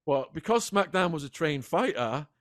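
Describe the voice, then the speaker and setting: A man guest in a sit-down interview, retelling events in an animated, dramatic way. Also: on the high side, normal speed, dry recording, studio quality. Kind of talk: vivid storytelling in a sit-down interview.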